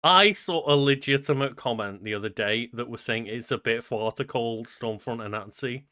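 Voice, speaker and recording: Young male co-host, chatty, polished promo-read cadence, crisp bright voice. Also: medium pitch, normal speed. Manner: chatty, reads promo plugs in a customer-service cadence. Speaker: podcast co-host. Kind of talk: casual podcast chat.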